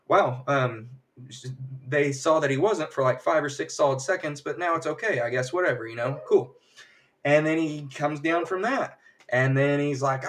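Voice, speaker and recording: A man streaming a casual spoiler recap, rambling and acting out characters' lines in quick, jumpy voices. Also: on the high side, far from the mic. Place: home streaming setup.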